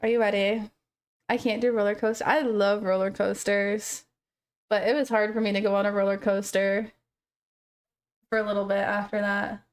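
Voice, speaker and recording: A woman's voice: medium pitch, flat delivery, normal speed, long pauses, clean tone. A young woman streaming live, chatting casually with viewers and telling a story with laughs. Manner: chatty, laughing storyteller reading chat aloud.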